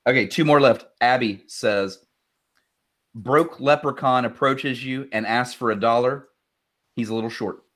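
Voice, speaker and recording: A man's voice: mid-range voice, unhurried, fairly bright tone. A young man hosting a casual show, reading listener jokes aloud, laughing often and swearing casually. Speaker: show host.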